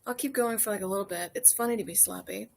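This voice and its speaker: Chatting with viewers on a stream from her porch outside, a young woman from the United States rambles, a bit tipsy, cursing and using lots of fillers. She talks quickly in a creaky, medium-pitched voice.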